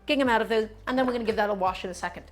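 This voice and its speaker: A woman's voice: on the high side, rapid-fire, faint music behind. A woman hosting a cooking stream, chatting casually and playfully to her viewers as she cooks. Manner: chatty and playful, often says "my friends".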